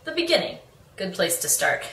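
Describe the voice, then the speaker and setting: A woman's voice: mid-range voice, sing-song, normal speed, sharp tone, recorded from a distance, slight background noise. A young woman chatting casually in a book review vlog, bubbly and rambling, with plenty of restarts and laughs. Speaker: book vlogger. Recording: echoey room, away from the mic.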